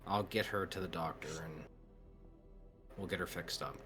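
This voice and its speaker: A man's voice: low-pitched, normal speed, music in the background. A man playing his character in a tabletop game, talking in an earnest, pleading way. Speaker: player.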